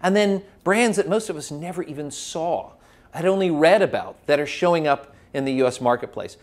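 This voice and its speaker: A man with a fairly high voice, speaking at a normal pace, gives a lively classroom lecture as a spirits educator. He tells history like a story, restarting his sentences here and there.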